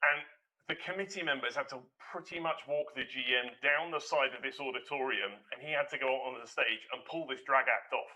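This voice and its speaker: Man, very bright rambling storyteller. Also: mid-range voice, brisk, slight background noise, low-quality recording. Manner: animated, rambling, acts out quoted voices. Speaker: hospitality manager guest. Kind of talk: casual anecdote telling.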